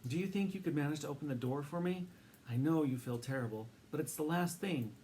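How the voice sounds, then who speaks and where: A man voicing a small, eager, determined male mouse who pleads urgently and lets out shrill siren cries. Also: animated, fairly quick, slight background noise. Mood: pleading.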